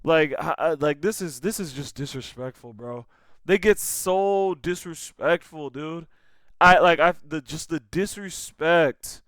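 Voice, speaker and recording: A man's voice: a little high, measured pace, a bit bright, no room sound. A young man giving casual, slangy reaction commentary on a clip, saying "bro" again and again.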